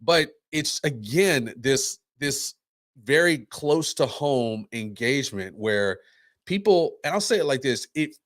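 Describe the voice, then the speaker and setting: Co-hosting a casual talk show, a man tells a story with animation and acts out the voices of its characters. He has a medium pitch and takes his time, and the recording is dry and studio quality.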